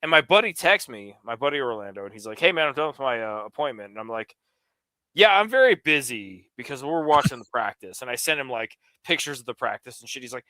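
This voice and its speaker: A man's voice: mid-range voice, fairly quick, no room sound. A middle-aged man from the New York area, telling a long, rambling story on a casual livestream and swearing freely. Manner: rambling storyteller, profane, animated.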